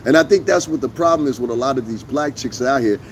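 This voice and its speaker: A man's voice: mid-range voice, fast, a little hiss or hum. A man ranting on a live stream, blunt and profane, repeating his points for emphasis. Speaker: YouTube streamer. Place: outdoors on a lawn.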